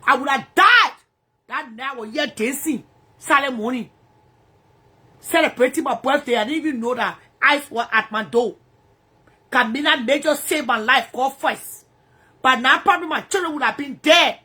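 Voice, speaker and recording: A woman's voice: sits high, normal speed, bright, forceful tone, slightly rough. A woman ranting angrily in profane, repetitive bursts from her bedroom. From Liberia. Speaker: social media personality.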